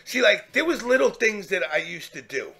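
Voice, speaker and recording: A man telling a profane, animated story in casual chat, acting out the people he quotes. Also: high-pitched, normal speed, slightly rough.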